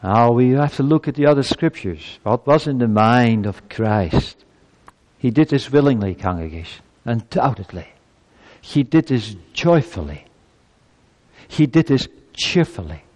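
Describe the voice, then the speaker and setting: Male pastor, sermon, mid-pitched voice, emphatic with loud bursts, long church-hall reverb. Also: expressive, a little slow. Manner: emphatic, swinging from soft to loud exclamations.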